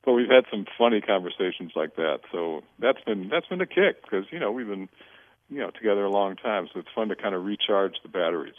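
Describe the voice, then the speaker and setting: A middle-aged man, a guest on a radio interview, chatting in a relaxed way and telling lively stories, acting out the lines of other people. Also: lowish voice, fairly quick, dry recording. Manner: storytelling, animated, quotes others in dialogue; many fillers and restarts. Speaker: winery owner, guest. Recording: tinny phone-line radio audio.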